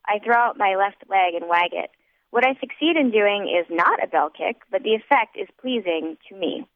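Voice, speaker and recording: A woman's voice: mid-range voice, expressive, moderate pace, dry recording. Woman reading an audiobook, thin phone-like sound. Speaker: audiobook narrator. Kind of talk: first-person audiobook narration. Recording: dry, tinny phone-like sound.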